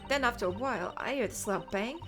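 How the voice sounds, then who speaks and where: A woman's voice: on the high side, fast talker, over music, natural voice. A woman doing a cheeky street urchin girl. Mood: defensive. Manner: rough slangy storytelling.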